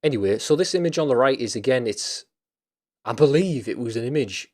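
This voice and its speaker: A man's voice: mid-range voice, animated, a little fast, darkish tone. A man hosting a casual chat stream, rambling loosely with lots of fillers, restarts and casual swearing.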